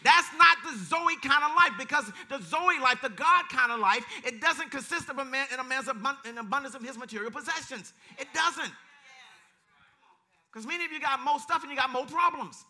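A man preaching with a strikingly high voice. His tone is bright and sharp. He delivers emphatic, repetitive lines and quotes scripture. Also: a little fast. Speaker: pastor. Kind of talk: sermon.

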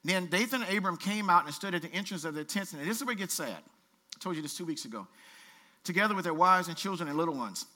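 A man pastor preaching a sermon, reading scripture aloud with colloquial asides and lively exhortation. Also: sits high, fast talker. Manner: animated preaching, reads scripture aloud with asides and playful voices.

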